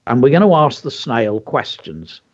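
A man talks to children as a show co-host, teacherly and enthusiastic, leaning hard on key words. His pitch rises and falls a great deal. The sound is dull and lo-fi. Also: sing-song, normal speed. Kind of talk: educational chat for children.

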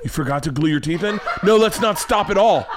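Lively, profane male podcast host. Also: sits high, a little fast, over a noisy crowd. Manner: loud, profane, incredulous. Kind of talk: casual chat.

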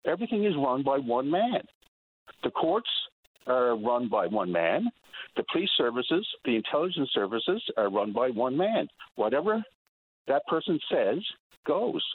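A male radio caller with a husky voice, arguing with impassioned indignation in a call-in show. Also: medium pitch, very animated, a little slow. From Newfoundland. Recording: tinny phone line.

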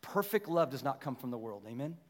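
A middle-aged male pastor preaching a sermon, telling a story with animated energy and then pressing his points with slow emphasis. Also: medium pitch. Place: church sanctuary. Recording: long hall reverb.

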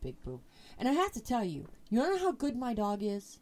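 Woman host, mellow voice, swears freely, spins a casual yarn. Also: on the high side, brisk. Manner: profane, animated storyteller. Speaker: podcast host. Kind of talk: casual storytelling chat.

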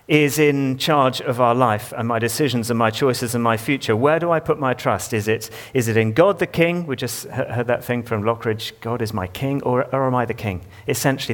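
A male pastor preaching a sermon in a church, talking conversationally and putting questions to the congregation. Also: medium pitch.

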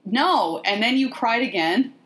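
A woman hosting a podcast, recapping a movie in a sardonic, profane, animated way. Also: fairly low pitch, normal speed. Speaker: podcast host. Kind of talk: casual movie recap chat.

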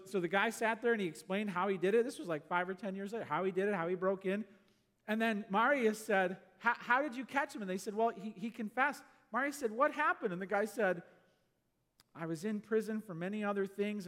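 High-voiced preacher in a reverberant hall. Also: male voice. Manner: storytelling, swinging from loud exclamations to quiet asides. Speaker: pastor. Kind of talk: sermon.

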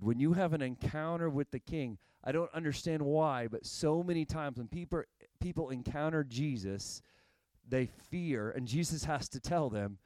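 Male pastor, sermon delivery, animated and emphatic, dry close sound. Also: mid-range voice, normal speed, no echo. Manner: animated preaching, repeats phrases, rising to emphatic.

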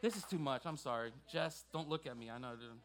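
A male pastor preaching a sermon with passion, swinging from quiet asides to loud, emphatic exhortation. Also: medium pitch, fairly quick, slight background noise.

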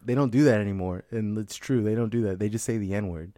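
Young guy from the bay, lowish voice, rambling and swearing, casual podcast banter, dry mic. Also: fast, warm tone, no room sound. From San Francisco Bay Area. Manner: rambling, profane, many "you know what I'm saying". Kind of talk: casual comedic chat.

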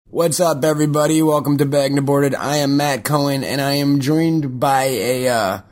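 A man's voice: medium pitch, steady tone, normal speed. A man hosting a podcast, chatting casually in a joking, profane, rambling way with lots of restarts. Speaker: podcast host.

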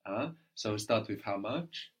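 A man's voice: lowish voice, expressive, unhurried. A man giving a one-on-one language lesson, patient and prompting, often checking understanding with a questioning "no?". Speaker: language teacher.

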